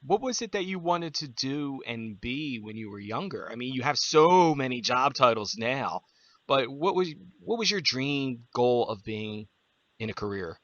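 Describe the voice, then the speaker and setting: A man's voice: mid-range voice, animated, measured pace, a bit bright, no room sound. Male podcast host with a Philly-Jersey accent. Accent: Philadelphia / New Jersey. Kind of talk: casual interview. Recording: dull, dry, lo-fi sound.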